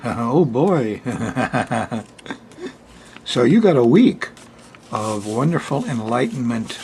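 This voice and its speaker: Gravelly chatty older man astrologer. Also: mid-range voice, a little hiss or hum. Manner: chatty, laughs often, folksy asides. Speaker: astrologer hosting a weekly sky report. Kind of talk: casual spoken forecast.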